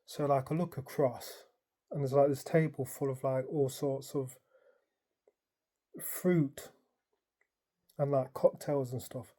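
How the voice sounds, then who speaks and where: A man's voice: medium pitch, slow pace, pauses often. A man casually recounting a dream in the present tense. He rambles, filling his story with "like" and "um". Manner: rambling, animated retelling full of "like" and "um". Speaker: dream vlogger.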